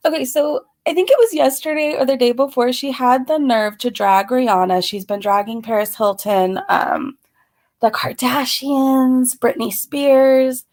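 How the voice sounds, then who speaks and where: A woman's voice: high-pitched, measured pace, a little mellow. Breathless, chatty woman on a live stream. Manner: chatty, greets viewers by name, laughs between phrases. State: slightly out of breath. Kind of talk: casual live-stream chat.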